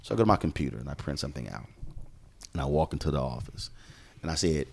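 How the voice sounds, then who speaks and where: A middle-aged man from Houston speaks in a deep, low register. His pitch swings widely as he tells emphatic stories from his career, acting out the lines he quotes from others. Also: quick pace, creaky, breathy edge. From Houston, Texas. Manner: animated, emphatic, acts out quoted dialogue. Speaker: journalist and show host, podcast guest. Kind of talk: conversational storytelling.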